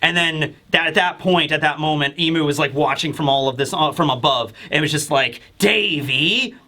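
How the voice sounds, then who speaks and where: An excitable man hosts a casual manga review, rambling through the plot and swearing freely. His voice is bright and forceful and sits a touch high for a man. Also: brisk.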